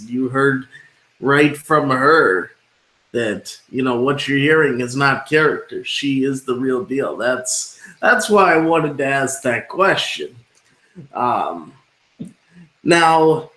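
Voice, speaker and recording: A man hosts an interview, talking slowly and circling through fillers and restarts before landing on his questions. His voice echoes in a roomy space. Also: medium pitch, fairly bright tone. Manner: rambling, many fillers and restarts. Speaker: podcast host, interviewer. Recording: echoey room.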